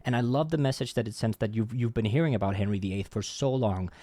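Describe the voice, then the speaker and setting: A man's voice: on the low side, quick pace, warm tone, dry recording. Chatty man reacting to music. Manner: chatty, hums instrument sounds, self-correcting. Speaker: reaction channel host. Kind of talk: casual music reaction and analysis.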